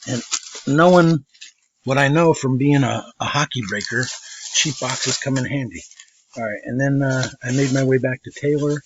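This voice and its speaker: A man's voice: medium pitch, moderate pace. A man, a trading card collector telling a rambling, casual story and acting out what people said. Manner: rambling, laughs often, mimics people in quotes. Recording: slightly dull lo-fi audio with faint noise.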